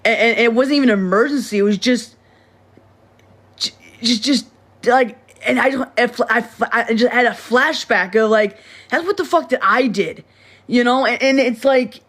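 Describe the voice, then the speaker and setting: A woman's voice: a little high, normal speed, fairly bright tone. A young woman talking casually to her livestream viewers, rambling and restarting sentences, blunt and swearing freely. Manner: rambling, repeats words and restarts often.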